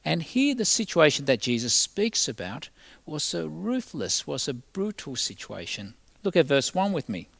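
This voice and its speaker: Male pastor, sermon delivery, animated storyteller, dry close sound. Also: a little high, moderate pace, creaky, no room sound. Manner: storytelling, acts out the voices in a parable; leads a quiet prayer.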